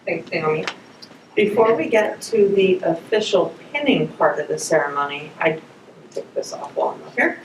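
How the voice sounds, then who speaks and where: A woman hosting a pinning ceremony, introducing speakers and delivering formal, measured prepared remarks. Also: fairly low pitch, animated, slight background noise. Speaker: ceremony host. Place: ceremony hall, at a podium. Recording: echoey hall, far from the mic.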